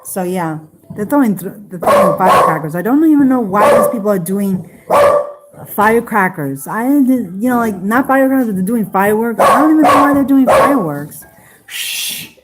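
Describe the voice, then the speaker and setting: A woman chatting casually on a live stream, halting, with many fillers and restarts. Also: medium pitch, expressive, heavy background noise. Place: home in Las Vegas.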